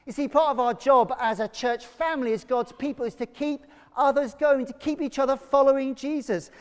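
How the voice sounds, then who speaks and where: A man preaching a sermon to his congregation, energetic and leading them in call-and-response. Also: very high voice, clean tone. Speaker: pastor. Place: church. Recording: long reverb of a church hall.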